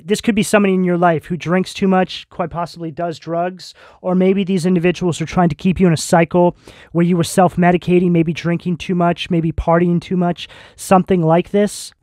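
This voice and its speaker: Male tarot reader, earnest and reassuring spiritual delivery, higher-pitched voice. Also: little pitch movement, a little fast, darkish tone, no room sound, studio quality. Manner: earnest, reassuring direct address with spiritual terms. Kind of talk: tarot reading addressed to viewers.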